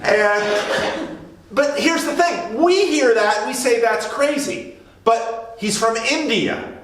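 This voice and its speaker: High-voiced joking pastor, echoey church. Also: male voice. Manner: animated, joking, acts out voices in quotes. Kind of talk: informal sermon. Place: church sanctuary. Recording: distant mic in a very echoey room.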